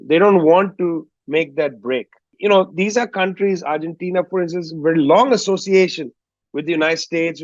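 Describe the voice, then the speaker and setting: A man, from India, giving a measured, explanatory answer as a guest historian in an interview, often dropping in "you know". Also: on the high side, dry recording. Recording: dull, dry lo-fi audio.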